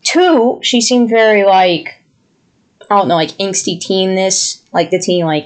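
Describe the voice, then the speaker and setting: A young adult woman co-hosts a podcast, casually telling a story in an exasperated, animated way and mimicking the people she quotes. Her voice is mid-range and a little slow.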